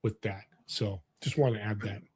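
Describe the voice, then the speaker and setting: This Californian man in his sixties has a low-leaning, slightly rough voice and speaks at a moderate pace. As a guest in a casual interview, he tells personal stories earnestly and with animation, often restarting his sentences.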